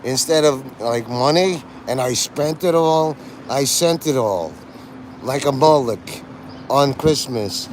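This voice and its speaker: A man's voice: mid-range voice, takes it slowly, a little hiss or hum. A man livestreaming outdoors in a city, rambling and joking and laughing at his own jokes. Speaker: live streamer. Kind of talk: casual rambling livestream chat.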